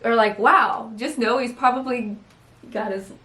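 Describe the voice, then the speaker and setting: A middle-aged woman hosting a casual home chat as a caregiver, talking in a quick, rambling way. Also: fairly high pitch, steady tone, roomy sound. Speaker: caregiver and host. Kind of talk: casual chat answering viewer questions.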